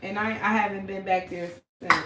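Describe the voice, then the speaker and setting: A woman's voice: medium pitch, bright, forceful tone. Blunt, profane woman in an echoey room. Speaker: tarot reader. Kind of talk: late-night casual live chat. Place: room at home at night. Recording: echoey room with faint hum.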